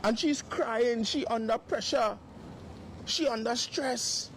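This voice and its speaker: A man's voice: very high-pitched, takes it slowly, fairly bright tone, a little hiss or hum. A man livestreaming from outdoors on his phone, making repeated, emphatic accusations. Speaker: live-stream host. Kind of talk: livestream exposé. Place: outdoors by a property.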